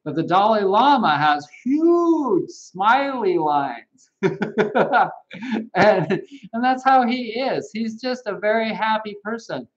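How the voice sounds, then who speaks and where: A man hosting a casual live-stream monologue as a holistic health practitioner, chatty and animated, laughing at his own jokes. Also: high voice, slow pace, dull audio.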